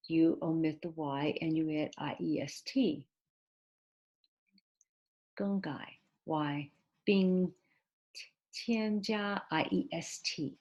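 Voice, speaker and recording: In a recorded ESL video lesson, a woman whose voice sits low with a darkish tone walks through the material patiently, one step at a time. She spells letters aloud and hesitates, pausing and restarting.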